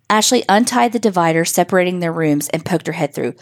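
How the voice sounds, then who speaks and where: A woman narrating a scripted spooky story for children in a measured, suspenseful way. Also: on the low side.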